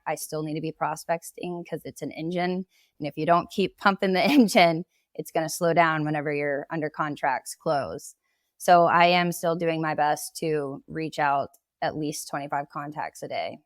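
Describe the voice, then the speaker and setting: A woman's voice: deep voice, fairly bright tone, no room sound, studio quality. A woman, a real estate agent talking casually as a podcast guest. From Oklahoma. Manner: conversational, explaining at length with laughs.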